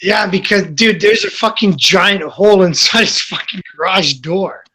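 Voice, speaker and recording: Host, male, bright forceful tone, rambling swear-heavy storyteller. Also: high voice, normal speed, husky. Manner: rambling, profane, laughing through the story. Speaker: podcast host. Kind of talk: casual storytelling among friends.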